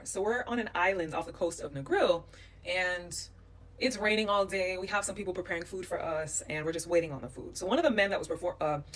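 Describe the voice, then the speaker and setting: Animated woman telling a travel story. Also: on the low side, recorded from a distance. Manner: animated, acting out quoted voices. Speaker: vlogger recounting a trip. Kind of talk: storytelling vlog.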